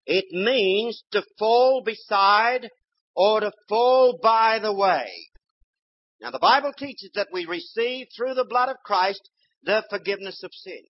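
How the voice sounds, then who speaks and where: High-voiced older man preaching a sermon. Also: expressive, slow. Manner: dramatic swings from loud exhortation to quiet storytelling. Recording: dull lo-fi sermon recording.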